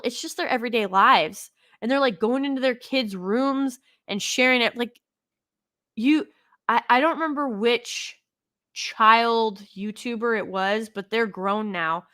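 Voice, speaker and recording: A woman holding forth in casual opinion commentary, opinionated and given to rambling restarts. Her voice is bright and sits a little high. She talks at an unhurried, drawn-out pace. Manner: opinionated and rambling, with frequent restarts and quoted asides. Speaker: online commentator.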